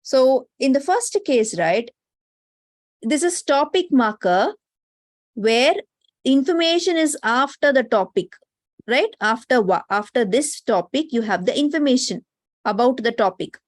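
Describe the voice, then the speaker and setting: In a dry, studio-quality recording, a woman with a high, animated voice speaks at a measured pace. She has an Indian English accent and is giving an online lecture on Japanese grammar. She explains things patiently, regularly checking in by ending sentences with "right?" or "no?".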